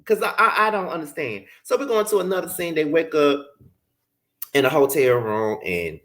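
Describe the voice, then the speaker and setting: A man's voice: on the high side, lively intonation, normal speed, fairly bright tone. A man casually reviewing a reality show, exasperated and profane, often incredulous. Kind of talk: casual commentary vlog.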